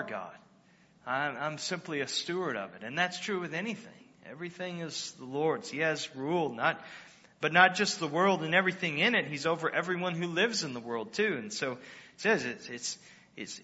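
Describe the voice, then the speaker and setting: A man's voice: mid-range voice, pushed and bright, slightly rough, long reverb tail, muffled recording. A male pastor preaching a sermon in a conversational way, rising with emphasis on key phrases and often restarting his sentences.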